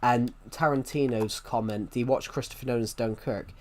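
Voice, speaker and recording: A young British man with a thick regional accent and heavy R sounds, talking loosely to his stream viewers. His pitch sits mid-range for a man. He wanders, restarts sentences and answers chat questions as they come in, with faint keyboard typing behind him. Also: steady tone, moderate pace, darkish tone, a little hiss or hum. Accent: British regional, strong R sounds. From United Kingdom. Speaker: game streamer.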